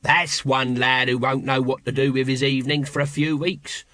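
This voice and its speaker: A scruffy, coarse watch corporal with a blunt, leering manner, put on by a male narrator. His lines are pitched up from the reader's voice and recorded close and dry. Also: flat delivery, normal speed, pushed and bright, dry recording, lightly acted. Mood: coarse banter.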